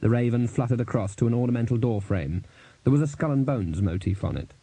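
A man reading a novel aloud as a narrator, measured and wry, close to the mic. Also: mid-range voice, mellow, husky, no room sound. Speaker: audiobook narrator. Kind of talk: scripted narration.

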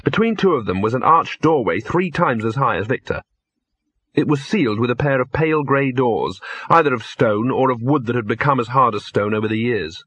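A man narrating an audiobook in a steady, dry storytelling manner. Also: mid-range voice, a little fast, breathy edge, no room sound. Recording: dull lo-fi dry recording.

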